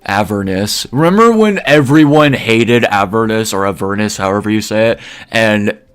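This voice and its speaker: A man's voice: fairly low pitch, lively intonation, normal speed, smooth. A man giving casual, opinionated gaming commentary, rambling and peppering his talk with fillers. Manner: opinionated, rambling, heavy use of "like". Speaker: gaming video creator.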